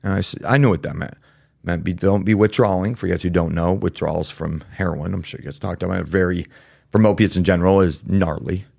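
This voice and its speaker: A man's voice: deep voice, fast, gravelly, a little mellow, no echo, studio quality. A man as a podcast guest, telling his story candidly and casually, with plenty of fillers and the odd swear word.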